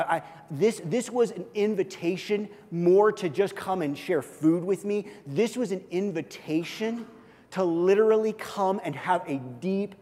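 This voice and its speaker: A man preaching a sermon with a high voice that rings out in a large hall with a long reverb. He swings between loud, urgent passages and hushed, near-quiet moments, and slips into quoted voices as conversational asides. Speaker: pastor.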